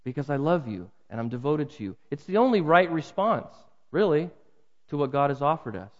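A man preaching a sermon earnestly, swinging his pitch and loudness for emphasis. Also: big pitch swings, a little fast. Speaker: pastor. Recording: muffled with long hall reverb.

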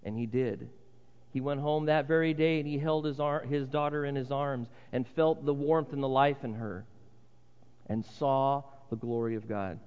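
A man preaching a sermon as pastor, earnest and dramatic, dropping to a hush for emphasis. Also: medium pitch, moderate pace, clean tone. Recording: reverberant hall, dull lo-fi sound.

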